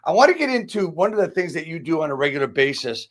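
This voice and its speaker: A man's voice: on the high side, big pitch swings, fast. A man hosting a casual podcast, asking blunt conversational questions. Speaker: podcast host.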